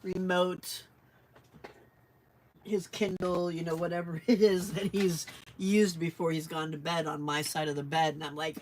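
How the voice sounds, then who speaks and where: Fairly low and a little mellow, this woman's voice barely moves in pitch and runs a little slow, with slight hiss or hum in the recording. She hosts a live crafting stream, rambling chattily as she crafts, laughing often and reading her viewers' chat aloud.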